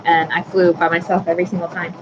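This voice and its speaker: A woman's voice: lowish voice, little pitch movement, quick pace, lo-fi sound, noisy background. A woman in her thirties hosting a casual live stream, chatting with viewers by name and apologizing easily. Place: home workroom with a sewing machine running.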